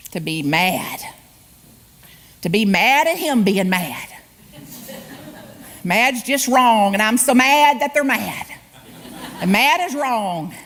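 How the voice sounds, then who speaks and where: A woman delivers a spiritual message from a church stage, her voice a little higher than most. She speaks slowly, taking her time. She acts out little quoted voices and laughs along with her own jokes. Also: a bit bright. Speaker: guest speaker. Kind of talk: humorous spiritual sermon. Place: church sanctuary.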